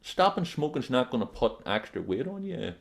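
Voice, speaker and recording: A man's voice: medium pitch, big pitch swings, moderate pace, creaky. A man presenting a self-help video, talking bluntly and emphatically straight to his viewers, repeating his main points and calling them "guys". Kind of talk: direct-to-camera motivational advice.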